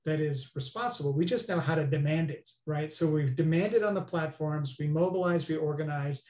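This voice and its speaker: A man's voice: on the high side, a little fast, darkish tone. A man speaking as an interview guest, explaining earnestly and often checking in with "right?". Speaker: guest expert. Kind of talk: interview conversation. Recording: roomy echo.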